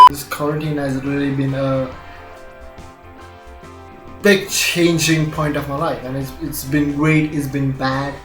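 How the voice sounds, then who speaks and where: A young Indian man with a slightly high voice, rambling and laughing as he vlogs from home. He curses casually and jumps between jokes. The room is echoey, with faint music underneath. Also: steady tone, measured pace, bright, forceful tone. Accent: Indian English with British-leaning vowels. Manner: laughs often, swears casually, jumpy joking asides. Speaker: gaming channel vlogger. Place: home room, recording near a window.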